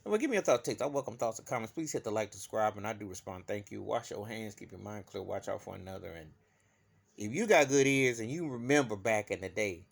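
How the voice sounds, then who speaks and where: A man vlogging an emphatic opinion rant, swinging from loud outbursts to low muttering. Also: fairly quick, vocal fry.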